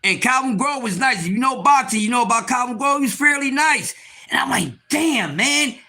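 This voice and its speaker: Man, very high cartoonish voice, bright, loud and preachy, livestream host. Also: lively intonation, moderate pace. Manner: loud, preachy, often shouting. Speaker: live stream host. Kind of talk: animated livestream talk.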